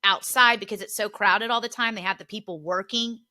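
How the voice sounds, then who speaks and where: Woman, podcast co-host, casual chat, animated, bright tone. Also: medium pitch, a little fast. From Philadelphia area. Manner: animated storyteller, laughs often.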